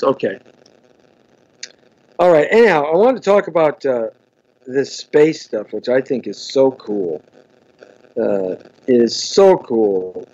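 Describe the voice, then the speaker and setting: A man's voice: medium pitch, a little mellow, lo-fi sound. A man hosting a live show, chatting casually, stumbling over and repeating words and greeting viewers by name. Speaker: host. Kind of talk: casual live-stream chat.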